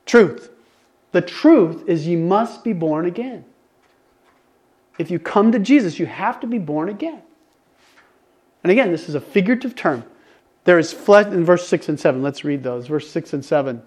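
An older man preaching to his congregation in a conversational, animated way, often restarting his sentences and getting excited. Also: sits high, normal speed, pauses often. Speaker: pastor. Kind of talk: conversational sermon.

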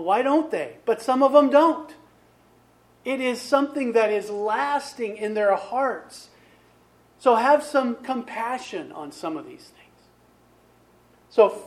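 A man preaching a sermon in a conversational way, often asking his listeners rhetorical questions. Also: extremely high pitch. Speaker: pastor.

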